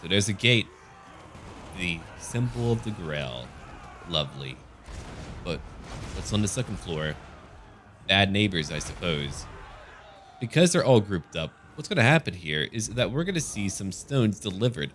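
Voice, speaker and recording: A man with a fairly low voice narrates a strategy game battle, cracking dry jokes as he goes. His pitch rises and falls a lot, and faint music plays behind him. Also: very animated, unhurried, pauses often, fairly bright tone. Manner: dry, joking asides. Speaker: gaming channel host. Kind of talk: gameplay commentary.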